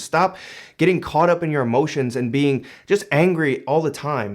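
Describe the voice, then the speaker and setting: A young man reads short passages aloud and then talks them over in a relaxed, chatty way, full of "you know" and "like.". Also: fairly high pitch. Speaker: book commentator. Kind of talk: casual reading and commentary.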